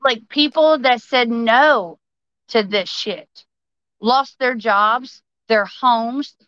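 A woman with a bright, sharp, fairly high voice delivers a heated political rant, swearing freely and pushing hard. The sound is dry and a little dull, like lo-fi podcast audio. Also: no echo. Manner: passionate, profane, fast-flowing. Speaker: podcast guest.

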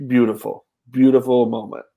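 A man's voice: mid-range voice, level tone, moderate pace, creaky, warm tone. A man co-hosting a movie podcast, chatting casually, stammering a little and acting out his own reactions. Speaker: podcast co-host. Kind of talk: casual movie review chat.

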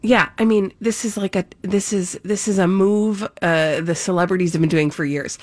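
A woman's voice: fairly low pitch, steady tone, moderate pace, dry recording. A woman co-hosting a podcast in casual chat, chatty and confident. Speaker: podcast co-host.

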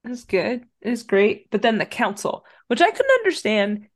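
A woman co-hosting a podcast walks through a movie's plot in loose, chatty storytelling. Her voice sits fairly high and swoops up and down with lively energy. She slips crude jokes and asides into the recap. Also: moderate pace. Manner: animated storytelling with crude humor. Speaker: podcast co-host. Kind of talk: casual chat, recapping a film.

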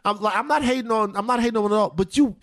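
A middle-aged man co-hosting a podcast, chatting in an animated, joking way and often repeating himself. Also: high-pitched, rapid-fire, dry recording, studio quality. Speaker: podcast co-host. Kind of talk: casual chat.

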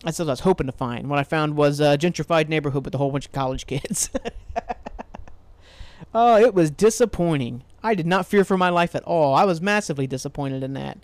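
A man's voice: on the high side, brisk, no room sound. Rambling, cussing podcast guy from Ohio. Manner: rambling, swears freely, laughs at himself. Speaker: podcast host. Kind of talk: casual solo podcast rambling.

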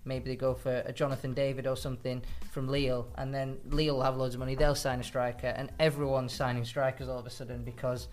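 Even-toned male sports journalist. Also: medium pitch, fast, hardly any pauses. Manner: explanatory, thinks aloud with fillers. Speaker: football correspondent guest. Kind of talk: casual podcast discussion. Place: podcast studio.

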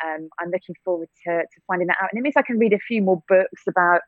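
Speaking fast in a fairly low voice, a woman actor and theatre-maker from England answers interview questions conversationally. She's reflective, restarting frequently, adding fillers and laughing lightly. It comes through a tinny phone line without echo.

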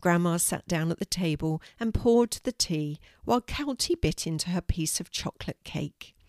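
A woman reads her children's story aloud, steady and gentle. Her voice sits fairly low, and the recording is dry and close, with no room sound. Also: normal speed, no echo. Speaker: author and storyteller. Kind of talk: storybook reading.

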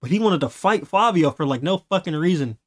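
A man hosting a podcast, telling a story in a casual, animated way. He laughs often and acts out the voices of the people he quotes. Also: a little high, brisk. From Los Angeles. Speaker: podcast host.

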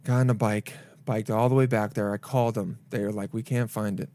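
A young adult man chatting casually as a co-host. He agrees quickly, laughs along, and acts out the voices of people in his stories. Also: fairly low pitch, fairly even intonation, dark tone. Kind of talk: casual chat.

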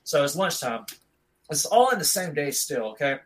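A man in his thirties spinning a long, loose story in easygoing casual chat. His voice sits a little higher than most men's. He rambles along, relaxed, dropping "dude" all the time. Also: moderate pace, poor audio. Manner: rambling, laid-back, says "dude" a lot.

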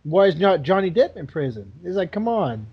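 A man in casual chat on an online call, laughing and swearing loudly. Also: high voice, very animated, moderate pace, breathy edge, lo-fi sound. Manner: loud, laughing, swears a lot.

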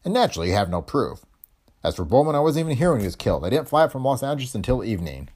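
A man's voice: mid-range voice, big pitch swings, very fast, a little mellow, slightly rough, voice pushed up. A man voicing a scheming lawyer who is cornered and protesting, in an audiobook reading. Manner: protesting, panicky. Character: scheming middle-aged male lawyer, cornered and panicky.

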